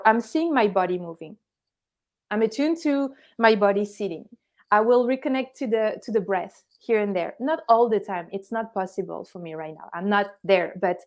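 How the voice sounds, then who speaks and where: Young woman, calm teacher voice, interview guest, mid pitch. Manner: calm, instructive, gives everyday examples. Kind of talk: explanatory conversation.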